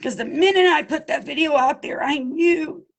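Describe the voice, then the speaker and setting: A woman's voice: high voice, normal speed, vocal fry, poor audio. A woman giving impassioned personal testimony as an abuse survivor, emphatic and pleading, calling her listeners y'all. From Pennsylvania.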